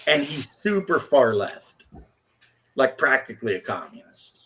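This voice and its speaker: A man's voice: mid-range voice, big pitch swings, a little slow, a bit bright, slight background noise. A man in his fifties hosting a casual chat, telling stories bluntly with profanity. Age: 50s. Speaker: host.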